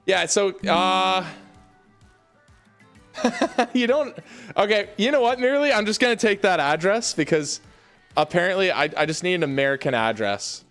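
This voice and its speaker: Young male streamer, lively rising voice, casual hype host from home. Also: high-pitched, brisk, clear, resonant tone, soft background music. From Canada. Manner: hyped, talks to chat, calls viewers baby and y'all. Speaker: livestream host. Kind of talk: casual livestream chat. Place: home basement room.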